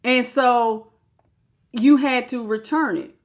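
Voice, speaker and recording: Woman reading tarot live, pretty high voice, gets emotional. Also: slow pace. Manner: emotional, expressive, greets live chat. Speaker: tarot reader.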